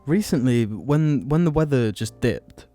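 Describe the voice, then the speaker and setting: A man's voice: medium pitch, lively intonation, unhurried, dark tone, faint music behind. A young man co-hosting a podcast, chatting casually and cutting in with wry jabs. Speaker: podcast co-host. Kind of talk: casual chat.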